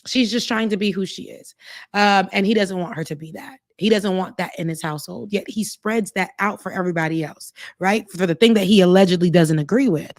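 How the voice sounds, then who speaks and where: A woman of Haitian background co-hosting a podcast, animated and opinionated, sometimes mocking. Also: medium pitch, brisk, dry recording, clean studio sound. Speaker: podcast co-host. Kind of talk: casual opinion talk.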